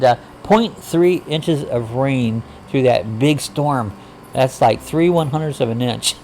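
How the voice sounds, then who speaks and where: A man's voice: mid-range voice, darkish tone, a little hiss or hum. A man hosting a casual livestream chat, reading viewer comments aloud and greeting people in a folksy, rambling way. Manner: rambling, frequent uh fillers. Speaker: livestream host.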